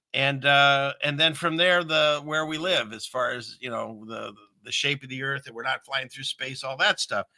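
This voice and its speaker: A man's voice: mid-range voice, bright, forceful tone, no room sound. A middle-aged man hosting a casual talk show, rambling and laughing often as he chats. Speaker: host.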